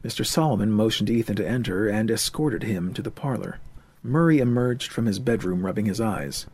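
A man narrating an audiobook in a steady, even storytelling manner. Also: lowish voice, fairly quick, breathy edge, no room sound. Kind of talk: scripted narration.

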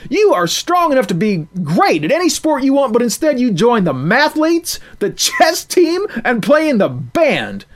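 A shouting teenage boy, scornful and fed up, his voice pushed high and loud, as a male storyteller puts him on. He rants in long bursts of insults. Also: animated, fairly quick, few pauses. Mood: shouting furiously. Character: angry bullying teenage boy bandmate, red-headed.

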